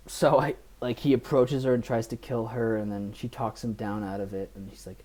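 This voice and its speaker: A podcast co-host narrates a movie's plot loosely, with lots of fillers, in a casual review conversation. His medium-pitched voice is a little mellow and level, moving at a moderate pace with few pauses.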